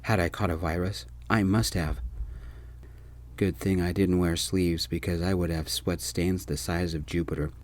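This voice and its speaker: Brief: a soft-spoken male storyteller, very deep and low, gentle ASMR narration. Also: steady tone, normal speed. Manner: gentle, first-person narration.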